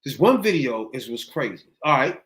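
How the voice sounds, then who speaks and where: Animated slangy male podcast host. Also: medium pitch, moderate pace. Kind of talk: casual storytelling chat.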